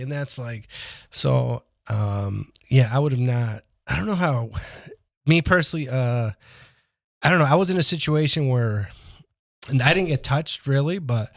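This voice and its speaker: A man's voice: medium pitch, normal speed, creaky, no echo, studio quality. A man, a comedian guest on a podcast, telling rambling, profane stories and acting out his own lines in casual chat.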